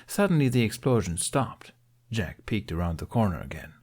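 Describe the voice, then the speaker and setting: Low-voiced lively male storyteller. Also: normal speed. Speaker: podfic reader. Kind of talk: fan fiction audiobook narration.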